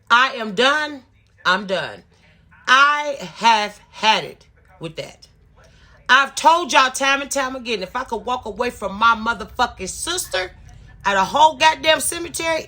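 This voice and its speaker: Sharp-voiced woman ranting, profane and emphatic. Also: fairly high pitch. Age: 50s. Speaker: vlogger. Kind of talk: storytime rant.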